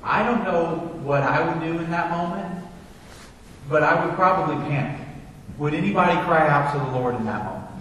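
A man's voice: on the high side, animated, moderate pace, a bit bright. A man preaching a sermon in a church, telling a story earnestly, recorded from far off in an echoey hall. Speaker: pastor.

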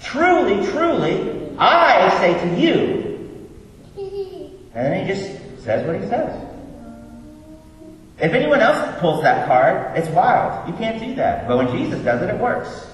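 A man preaching a sermon in a church, animated and joking at his own expense. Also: high-pitched, normal speed. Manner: animated, joking, self-deprecating. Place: church sanctuary. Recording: echoey hall from far off, faint noise.

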